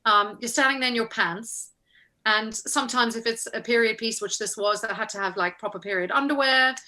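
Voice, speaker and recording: A woman actress telling an anecdote in an interview, animated and acting out the people she quotes. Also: a little high, a little fast.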